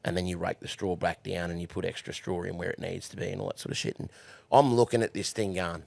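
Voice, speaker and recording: A man's voice: deep voice, level tone, fast, vocal fry, a little mellow, dry recording. A young Australian man, a horse trainer, telling crude stories with lots of swearing and laughter in a casual podcast chat.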